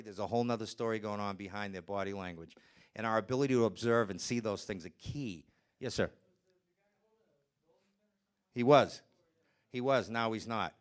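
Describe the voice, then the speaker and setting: A man lecturing on nonverbal communication at a medium pitch, with a smooth, clear voice. His delivery is animated, and he slips into quoted voices to make his points. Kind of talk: lecture presentation. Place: presentation room with slides.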